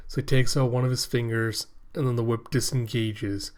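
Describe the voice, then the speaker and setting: A man hosting a casual reaction video, retelling a comic in a chatty, paraphrasing way with quick asides. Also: mid-range voice, steady tone.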